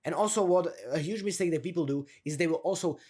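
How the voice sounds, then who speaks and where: A young man coaching casually on sounding confident, energetic and slangy, laughing often and demonstrating a deep, down-turned delivery. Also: fast talker, breathy edge.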